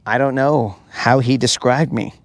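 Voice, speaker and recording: A man's voice: mid-range voice, fairly even intonation, unhurried, no echo. A man hosting a live fishing stream from a boat outdoors, chatting casually and bantering jokingly with his viewers.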